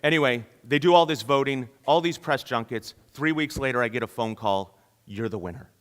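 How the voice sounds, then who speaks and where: A man delivering a storytelling keynote at a conference, lively and playing out the voices of the people he quotes. His voice sits at an ordinary pitch and trails off into a long hall reverb. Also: a little fast, smooth. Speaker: keynote speaker.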